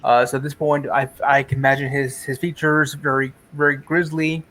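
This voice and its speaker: A man's voice: medium pitch, little pitch movement, normal speed, sharp tone, a little hiss or hum. A man describing his character's actions in a tabletop game, hesitant and full of fillers. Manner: hesitant, many fillers and restarts. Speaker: player.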